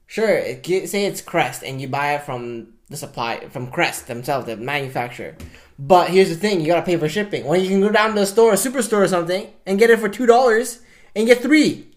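A man co-hosting a casual chat in a relaxed, wry way, laughing at his own jokes. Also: sits high, brisk. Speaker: podcast co-host.

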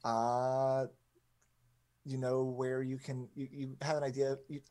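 A man runs a tabletop game with a mid-range voice that sounds neither high nor low. He narrates in halting bursts, stopping often on "uh" and "like". The talk is casual and unscripted. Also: little pitch movement, mellow. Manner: halting, filler-heavy narration. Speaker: game master.

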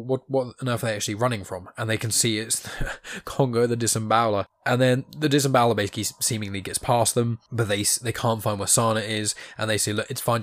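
A man's voice: on the low side, dry recording. A man casually retelling a comic story as a podcast host, chatty, often laughing and loosely paraphrasing what the characters say. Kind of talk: casual recap.

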